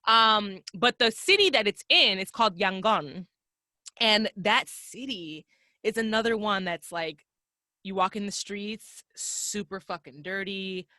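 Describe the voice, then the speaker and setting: A woman's voice: mid-range voice, a little slow, no echo. A young adult woman, a podcast guest, telling travel stories in casual, profane chat and acting out the voices she quotes. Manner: profane, animated storyteller who acts out quoted voices.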